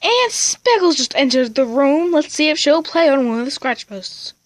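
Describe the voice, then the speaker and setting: A woman's voice: high voice, big pitch swings, moderate pace, no room sound. A woman casually narrating a home video of her cats and chatting to them.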